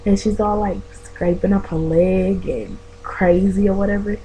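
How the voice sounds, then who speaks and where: A woman's voice: mid-range voice, steady tone, unhurried, warm tone, slight background noise, rough recording. A woman vlogger telling a story to her viewers in a chatty, profane way, calling them y'all. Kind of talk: casual storytelling vlog.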